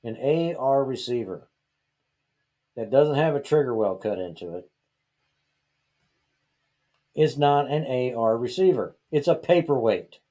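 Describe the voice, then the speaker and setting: A man's voice: mid-range voice, animated, measured pace, long pauses, mellow. A man from Georgia hosting a podcast, ranting in a heated, exasperated way and firing off rhetorical questions in casual talk. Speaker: podcast host.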